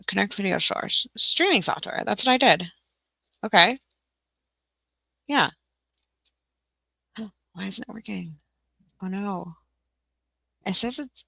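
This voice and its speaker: A woman's voice: medium pitch, lively intonation, slow pace, gravelly, long pauses, sharp tone, breathy edge, dry recording. A woman hosting a casual livestream, flustered and apologetic, talking to herself and laughing often. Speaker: livestream host for teaching-resource sellers.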